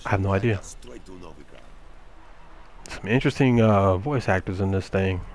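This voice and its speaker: A man's voice: low-pitched, normal speed, darkish tone, a little hiss or hum. A young man giving casual, joking let's-play commentary, talking back to game characters in a folksy drawl. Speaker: gameplay commentator.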